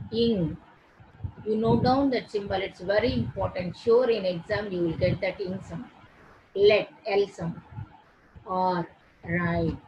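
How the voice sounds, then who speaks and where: Slow, deliberate woman teacher. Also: medium pitch, background noise. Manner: slow, deliberate, repeating words and sounds one by one. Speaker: English phonetics teacher. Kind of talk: recorded pronunciation lesson.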